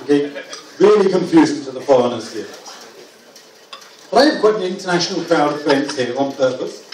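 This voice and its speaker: Middle-aged guy doing stand-up, chatty, keeps checking w/ the crowd, slightly higher voice. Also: expressive, fairly quick, a little hiss or hum. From England. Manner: chatty, asks the crowd for agreement. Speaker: stand-up comedian. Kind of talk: stand-up comedy set. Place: comedy club stage with live audience. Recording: echoey club, far mic, loud crowd.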